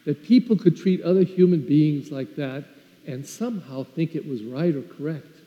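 Priest preaching in a reverberant church. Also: male voice, a little high, moderate pace, lo-fi sound. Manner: storytelling, earnest, shifts loud and soft. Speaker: parish priest. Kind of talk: sermon.

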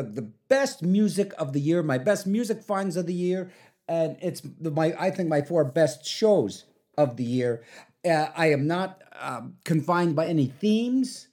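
A man's voice: fairly high pitch, a little mellow. A man hosting a college radio show, back-announcing songs in a rambling, self-mocking way full of fillers.

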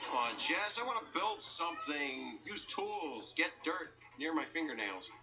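A fussy, clumsy tool novice. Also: male voice, fairly high pitch, big pitch swings, measured pace. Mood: eager. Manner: fussy, mutters to himself. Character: clumsy, eager middle-aged man fumbling with tools. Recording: distant mic with loud music, dull TV sound.

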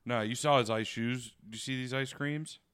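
A man's voice: mid-range voice, fairly even intonation, normal speed, fairly bright tone, smooth. A man co-hosting a podcast, talking in a loose, profane, jokey way. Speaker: podcast co-host. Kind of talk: casual chat.

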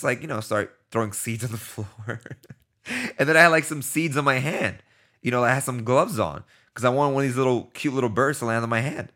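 A man's voice: mid-range voice, brisk, sharp tone. A man from the United States telling a casual, profane story in a chatty way, acting out his own lines of dialogue.

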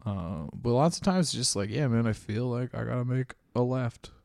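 A man's voice: mid-range voice, moderate pace, gravelly, darkish tone, no room sound, studio quality. A man telling wild stories in casual chat as a podcast guest, laughing often and swearing as he acts out the other people. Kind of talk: casual storytelling.

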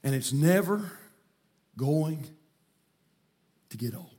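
Folksy high-voiced preacher. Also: male voice, animated, slow pace. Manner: folksy storytelling, builds to shouting. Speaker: pastor. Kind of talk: sermon. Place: church sanctuary.

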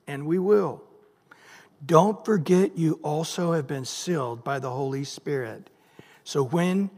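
A man's voice: sits high, big-room sound. A middle-aged man preaching a sermon, emphatic, often asking his listeners questions and answering them. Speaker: pastor.

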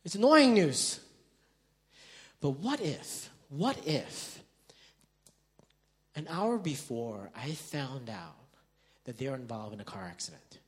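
A man preaching a sermon as pastor, telling stories in an animated way and acting out the dialogue, swinging between loud bursts and quiet stretches. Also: medium pitch, slow, long pauses. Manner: animated storytelling, acting out quoted dialogue with big swings in loudness.

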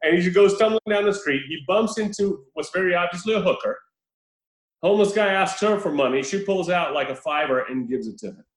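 A man in casual chat, retelling a film with animated, profane storytelling and acted-out lines. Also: sits high, brisk, roomy sound, low-quality recording.

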